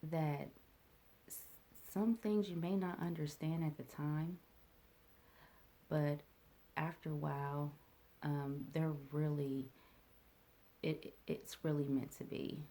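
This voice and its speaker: A woman speaks slowly in a low, gravelly voice with a mellow, dark tone. She tells a personal story in a reflective, halting way, pausing on fillers and restarting her sentences. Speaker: vlogger.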